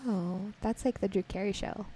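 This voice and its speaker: A woman co-hosting a casual podcast, playful and teasing, quick to laugh. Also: medium pitch, steady tone, mellow, breathy edge, no echo, low-quality recording. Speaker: podcast co-host.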